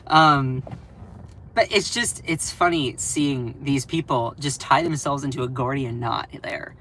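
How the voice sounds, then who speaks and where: A man hosting a political commentary live stream, animated and sarcastic, laughing often as he talks. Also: medium pitch, takes it slowly, long pauses, a little hiss or hum, low-quality recording.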